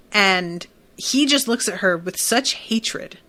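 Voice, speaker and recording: Speaking slowly with a bright, forceful tone, this female podcast host has a medium-pitched voice and lively intonation. She gives a casual, blunt, emphatic rundown of a TV episode, peppered with fillers and some cursing.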